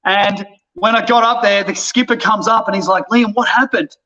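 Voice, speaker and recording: A man's voice: high voice, moderate pace. A man, an actor and guest, telling a casual funny anecdote and acting out the voices of the people in it. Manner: animated, acts out quoted voices. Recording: dull lo-fi audio.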